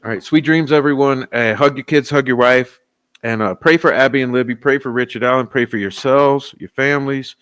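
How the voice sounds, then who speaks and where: A man's voice: mid-range voice, fairly even intonation, fairly quick, fairly bright tone, clean tone. A man hosting a livestream, casually joking with his chat and laughing often, a little tipsy. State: tipsy, giggly. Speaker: livestream host. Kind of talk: casual live chat sign-off.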